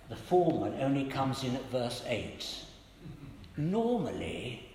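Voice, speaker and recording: An older man preaching a sermon, telling stories gently and quoting the people in them. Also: medium pitch, a little hiss or hum. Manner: gentle storytelling with quoted voices. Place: church. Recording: echoey church hall with long reverb.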